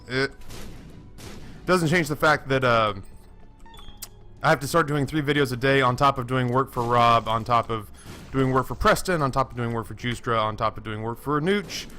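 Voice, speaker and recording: A man's voice: mid-range voice, normal speed, long pauses, pushed and bright, faint music behind. A man in his twenties giving rambling, self-deprecating commentary while playing a game, full of fillers and restarts. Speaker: gaming YouTuber. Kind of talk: rambling let's-play commentary.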